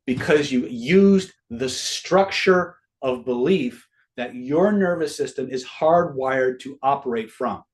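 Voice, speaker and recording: A man's voice: medium pitch, takes it slowly. A middle-aged man teaching a live online master class in a casual way, swearing freely and quizzing his audience.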